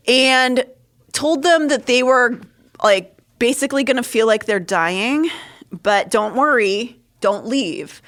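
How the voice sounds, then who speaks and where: Animated woman chatting on a livestream. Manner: animated, pitch jumps on punchlines. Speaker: podcast co-host. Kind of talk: casual livestream chat.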